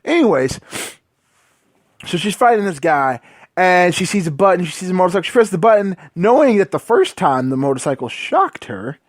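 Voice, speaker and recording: High-voiced man ranting, swearing, sarcastic. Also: sing-song, moderate pace, dry recording, clean studio sound. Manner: profane, exasperated, sarcastic; loose filler-heavy talk. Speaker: movie reviewer. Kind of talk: casual ranting movie review.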